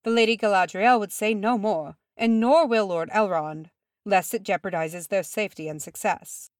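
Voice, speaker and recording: A woman voicing a composed, elegant male elf envoy who speaks in a measured, formal way. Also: medium pitch, dry recording, clean studio sound, voice pushed up, close to an everyday voice.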